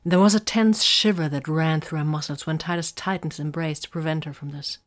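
A woman reading romantic fiction aloud in a soft, breathy voice that often drops near a whisper. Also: low voice, fairly even intonation, a little fast. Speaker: narrator.

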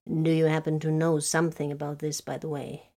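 This is a composed, formal navigator man with mechanical jaws, as a woman reader puts him on. He talks in a low, even voice that sounds changed from the narration. He is unhurried and deferential. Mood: calm.

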